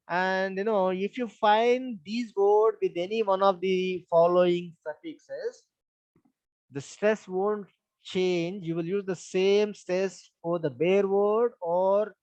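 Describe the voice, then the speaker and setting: A man's voice: high voice, a little mellow, no echo. A man with an Indian English accent teaching an online English class, patiently repeating points and spelling words out letter by letter. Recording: dull lo-fi sound.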